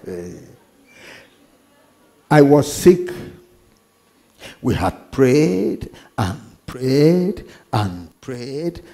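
A man's voice: medium pitch, very slow, long pauses. A man preaching a sermon as pastor, reading scripture aloud and acting out characters with sudden exclamations. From Nigeria. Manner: preaching with animated dramatized voices and rising exclamations; reads scripture aloud in King James wording.

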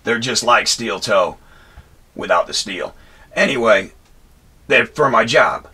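A man vents about a run-in in a rambling, heated rant, swearing freely and repeatedly restarting his sentences. His voice has a bright, forward edge with a husky grain. He speaks as a Marine veteran talking straight to his viewers. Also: lowish voice, lively intonation, slow pace. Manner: profane, angry, rambling with restarts and "anyway". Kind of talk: heated personal storytelling rant.

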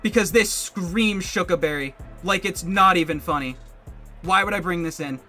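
A man commentating his own competitive game match, thinking aloud in quick bursts and getting excitable. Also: high-pitched, soft background music. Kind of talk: live gameplay commentary.

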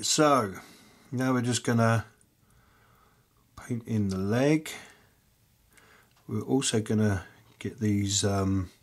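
A fairly low, husky male voice hosts a laid-back miniature-painting tutorial for a hobby channel. He rambles and chats with plenty of fillers, mutters softly to himself while painting, and chews peanuts as he talks.

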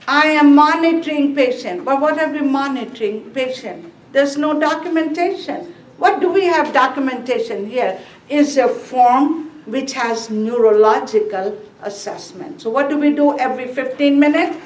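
Higher-pitched woman lecturing in an echoey room. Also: a little hiss or hum. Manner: asks the class questions and repeats key terms. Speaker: nursing exam instructor. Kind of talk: classroom lecture. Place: classroom. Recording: echoey classroom from a distant mic.

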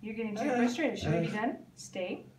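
A fairly high-voiced woman works with a dog, coaxing it with short repeated cues and pausing to explain what she is doing. She sounds some way off from the camera mic, with a roomy echo around her voice. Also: lively intonation, noisy background. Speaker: dog trainer. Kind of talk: live training session with commentary to camera. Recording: echoey, from a distant camera mic.

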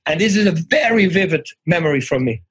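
A middle-aged man from the Netherlands with a Dutch accent, telling stories as an interview guest, animated, acting out quoted lines and often restarting his sentences. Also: fairly high pitch, brisk, breathy edge, low-quality recording. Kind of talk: casual interview storytelling.

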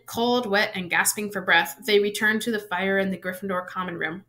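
Expressive woman reading a story aloud. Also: medium pitch. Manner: expressive, lifting for suspense and dropping softly at sentence ends. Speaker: reader.

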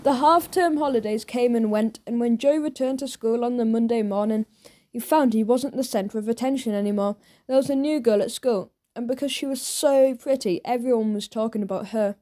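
A woman narrates a children's audiobook with playful energy. Her voice is mellow and sits a little high. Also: fairly quick. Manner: lively, playful storytelling.

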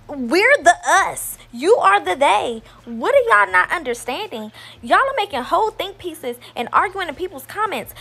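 Very high-voiced woman scolding viewers. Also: vocal fry, a bit bright. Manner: scolding, emphatic. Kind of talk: political commentary rant.

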